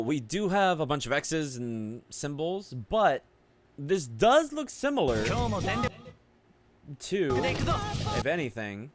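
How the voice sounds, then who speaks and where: A man giving casual game commentary, musing aloud with loose fillers and offhand swearing. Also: mid-range voice. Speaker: gaming video creator.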